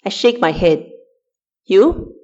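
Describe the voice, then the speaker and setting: A woman with a mid-range, animated voice reads a first-person story aloud at a measured pace, in a dry, wry style like a food diary. The audio sounds dull.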